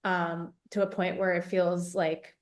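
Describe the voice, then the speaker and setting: A woman's voice: fairly low pitch, flat delivery, measured pace. A woman hosting a podcast, asking reflective, empathetic interview questions. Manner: reflective, empathetic, uses fillers like "like". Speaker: podcast host.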